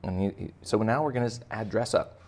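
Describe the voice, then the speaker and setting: A man's voice: on the low side, fairly quick, a little mellow. A man giving a playful, chatty step-by-step drawing lesson for kids. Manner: playful, chatty, talks to children directly. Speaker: art teacher.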